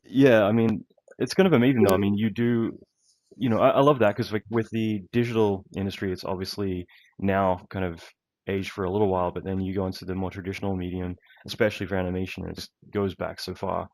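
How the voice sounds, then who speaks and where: A man's voice: low-pitched, fairly even intonation, fast talker, a little mellow, no room sound, studio quality. A man hosting an interview, asking long, rambling questions in casual chat. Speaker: podcast host.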